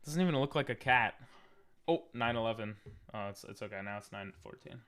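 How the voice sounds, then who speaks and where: A young man streaming live, reacting to videos and teasing his chat in a goofy way, often sliding into a low mutter. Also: expressive, fairly quick, a bit bright.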